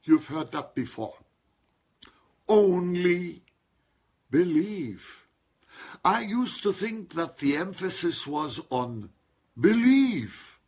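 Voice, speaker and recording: A male preacher delivering a sermon at a very unhurried pace, leaning hard on single words and calling his listeners to answer. His voice is husky, and his pitch leaps high and drops low. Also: lively intonation. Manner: emphatic, calls on listeners to respond; stretches and stresses single words.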